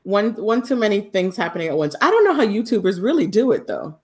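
A woman co-hosting a podcast live, chatting in an upbeat, excitable way and laughing easily. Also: mid-range voice, quick pace. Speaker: podcast co-host. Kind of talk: casual live-stream chat.

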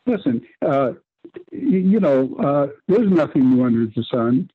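A husky-voiced man teaches scripture on a radio broadcast, breaking off and restarting his sentences. His voice comes through a narrow, tinny phone line. The sound is dry, with no room around it. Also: medium pitch, very animated, dry recording. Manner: halting, many restarts and "you see". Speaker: preacher.

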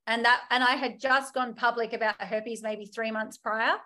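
A woman in her thirties speaks as a podcast guest, recounting her life candidly. She is lively and expressive, slipping into quoted voices of her past self. Her voice sits slightly high. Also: moderate pace. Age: 30s. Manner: animated, acts out her own past thoughts in quoted voices. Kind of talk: candid personal storytelling.

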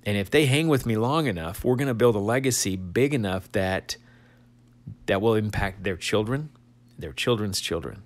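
A man giving a motivational talk to insurance sales agents in an energetic coaching manner, repeating short exhortations. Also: fairly low pitch, normal speed. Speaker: insurance agency leader.

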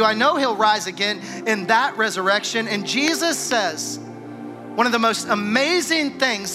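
A man preaching a sermon in a casual, conversational way, acting out the dialogue of a scripture story. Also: sits high. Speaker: pastor. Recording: music playing behind.

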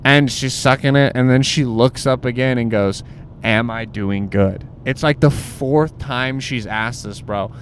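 A young man tells a crude story in a loose, rambling way, filling every pause with "like" and "bro". His voice sits at an ordinary pitch for a man. A faint vehicle rumble runs underneath. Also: steady tone. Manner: rambling, filler-heavy, says "like" and "bro" constantly.

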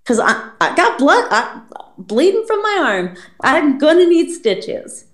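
A woman's voice: high voice, a little slow. A woman, a podcast guest, telling a personal story in a casual, blunt and profane way, with frequent swearing. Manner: blunt and profane, quoting people in lively put-on voices. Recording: roomy echo.

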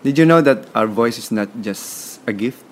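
A podcast guest from the Philippines speaks at a moderate pace with lively intonation, his medium-pitched voice carrying a Filipino accent and a slight hiss or hum. His conversational interview style is emphatic and motivational, with words said more than once.

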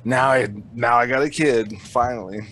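A man in casual, profane chat, who swears constantly and tells stories with animated energy. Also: mid-range voice, moderate pace. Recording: faint background noise.

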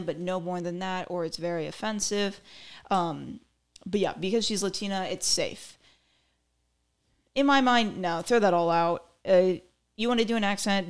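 A woman podcast host breaking down a comedy routine in casual, opinionated commentary that turns into rants, with lots of "like" and "um.". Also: fairly low pitch. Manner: opinionated, ranting, filler-heavy.

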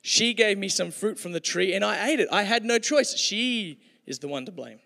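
A man's voice: high-pitched, lively intonation, normal speed, vocal fry, pushed and bright, pitched above the performer's own voice, full character voice. A man voicing the first man as a defensive, pleading figure who blames others, in a hall with long reverb.

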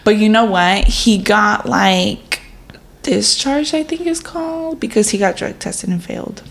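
A woman's voice: medium pitch, measured pace, gravelly, reverberant. A woman co-hosting a podcast, telling a story in casual chat, swearing a lot and filling her talk with "like". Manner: animated storytelling, swears often, many "like" fillers. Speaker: podcast co-host.

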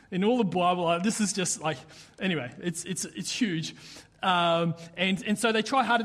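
A young man giving a casual sermon, chatty and halting, with many restarts and fillers. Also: high voice. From Australia. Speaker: pastor.

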